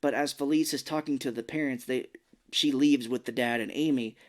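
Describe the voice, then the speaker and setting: A man co-hosting a podcast, casually recapping a film's plot and slipping into quick character voices as he goes. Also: mid-range voice, fairly even intonation. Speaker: podcast co-host. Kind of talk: casual film recap chat.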